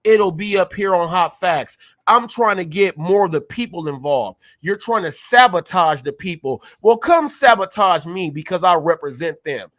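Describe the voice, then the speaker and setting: His voice sits high and a bit bright, animated at a moderate pace with few pauses. He's a man running his own live show, heatedly ranting at viewers and repeating phrases to drive points home.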